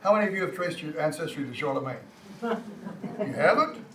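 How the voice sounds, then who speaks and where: An older man with a Texan accent teaches a community language class. He lectures from slides in a halting, folksy way, often repeating words and joking with the class. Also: a little high, lively intonation. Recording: roomy, distant mic, faint hum.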